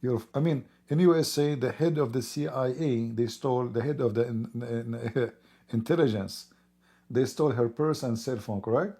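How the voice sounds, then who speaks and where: A hoarse man who is losing his voice talks in a rambling, emphatic way during a casual livestream, clearing his throat often. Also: medium pitch, normal speed, warm tone. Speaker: livestream host.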